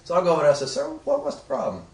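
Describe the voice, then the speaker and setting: A man's voice: fairly high pitch, big pitch swings, racing, a little mellow. A man and former bouncer casually telling stories, quoting what others said to him. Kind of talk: casual storytelling. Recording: echoey room, mic at a distance.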